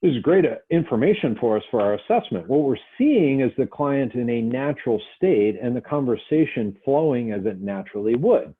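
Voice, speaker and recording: A man's voice: fairly low pitch, slightly rough. A male instructor giving a conversational lecture, acting out short example dialogues as he teaches. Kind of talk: recorded lecture. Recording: tinny phone-like audio.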